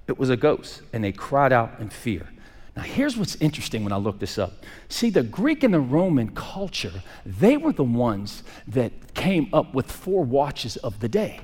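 Preaching pastor in a reverberant hall. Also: male voice, mid-range voice. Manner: preaching with sharp swings from raised to hushed voice. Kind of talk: sermon.

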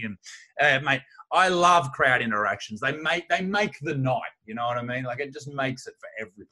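A man's voice: mid-range voice, fairly quick. A man with an Australian accent, a stand-up comedian guest, telling blunt and crude stories in casual talk. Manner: blunt, crude, animated storyteller.

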